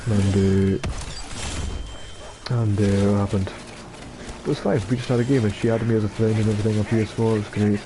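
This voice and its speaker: Flat and fairly quick, his low-ish voice breaks with frequent pauses over a noisy background. The tired young Scottish streamer rambles and jokes through his online matches, swearing plenty.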